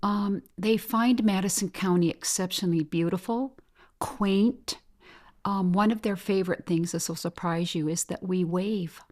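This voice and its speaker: A woman's voice: medium pitch, unhurried, a little mellow. A middle-aged woman with a Midwestern American accent, a bed and breakfast owner chatting in an interview and telling stories with acted-out voices. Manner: chatty storyteller, acts out quoted voices, laughs often. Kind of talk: casual interview chat.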